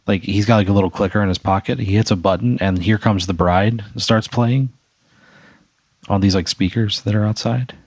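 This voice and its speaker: A man's voice: fairly low pitch, normal speed, slightly rough, no room sound. A man hosting, narrating an improvised hypothetical scenario in second person, loose and rambling with fillers. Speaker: host.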